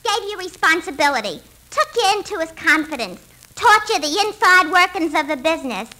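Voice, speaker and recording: Squeaky naggy young daughter, old radio comedy, super high and bright. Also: female voice, big pitch swings, normal speed, heavily acted. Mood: indignant. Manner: scolding, nagging list delivery. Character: shrill indignant young woman, tavern owner's daughter. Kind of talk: 1940s radio comedy acting.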